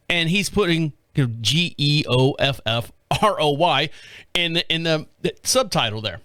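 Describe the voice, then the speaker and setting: Animated American man telling a story. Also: sits high, normal speed, no room sound, studio quality. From United States. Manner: rambling, animated retelling with frequent restarts and laughs; swears casually. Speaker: podcast host. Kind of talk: casual storytelling monologue.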